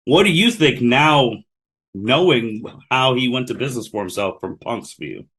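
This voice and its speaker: A man's voice: mid-range voice, moderate pace, breathy edge. Rambling man hosting a podcast. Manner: rambling, filler-heavy, relaxed. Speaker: podcast host. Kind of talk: casual podcast chat.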